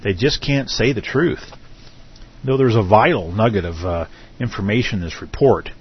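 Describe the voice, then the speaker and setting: A middle-aged man hosts a live internet radio talk show in a deep, low voice, stopping often on filler words as he goes. The audio is dull and lo-fi, with a faint hiss of noise beneath him. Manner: halting, frequent filler hesitations. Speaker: host.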